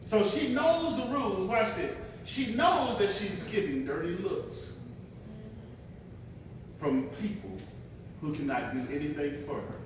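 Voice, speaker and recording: A man preaching a sermon as pastor, swinging between hushed asides and loud dramatic bursts and repeating "watch this" as a refrain. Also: high voice, animated, a little slow, pauses often, background noise. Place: large church sanctuary. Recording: echoey hall, picked up from a distance.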